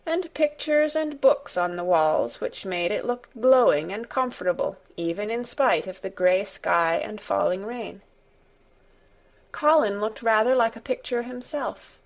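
A woman narrating an audiobook in a measured storytelling manner. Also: medium pitch. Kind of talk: scripted narration.

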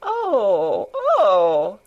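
Woman reading as a frail, excitable sickly boy. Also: medium pitch, unhurried, highs cut off. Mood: excited. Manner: breathless, pleading, excitable. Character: frail, hysterical invalid boy.

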